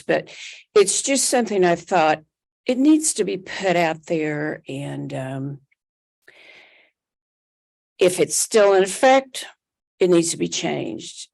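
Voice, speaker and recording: A woman's voice: low voice, vocal fry, darkish tone. A woman giving public comment at a school board meeting, speaking in a conversational, somewhat hesitant way.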